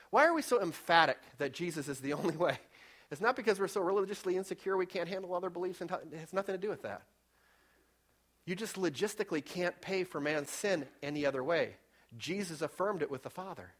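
A fervent male preacher delivering a sermon in a church, his voice sitting a little high. He speaks emphatically, pushing some phrases fast and drawing others out slowly for weight, and reads scripture aloud as he goes. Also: a bit bright. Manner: fervent, emphatic, varies pace for effect. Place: church with slides.

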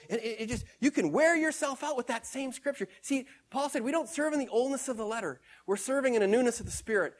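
A man preaching a sermon in a high, light voice. He stresses and repeats scripture phrases, dropping to a hush and then rising loud again. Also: fast talker. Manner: emphatic, repeats scripture phrases, swings between hushed and loud.

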